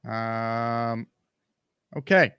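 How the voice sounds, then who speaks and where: A man's voice: mid-range voice, steady tone, very slow, fairly bright tone, clear, resonant tone, no echo, clean studio sound. A man hosting a live sports talk stream, reading viewer comments aloud in an upbeat, teasing way. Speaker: show host.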